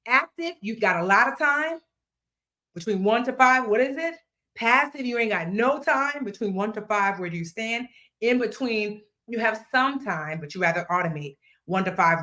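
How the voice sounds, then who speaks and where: A woman in her thirties hosting a live online money class, playful and chatty, talking straight to her viewers with slang and asides. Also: mid-range voice. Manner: lively, playful, talks straight to viewers, drops into slang and snatches of song. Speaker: financial educator hosting a live workshop.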